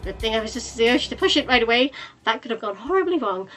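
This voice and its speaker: A woman's voice: a little high, expressive, quick pace, fairly bright tone, faint music behind. A woman hosting a let's play, making flustered joking asides. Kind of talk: casual game commentary.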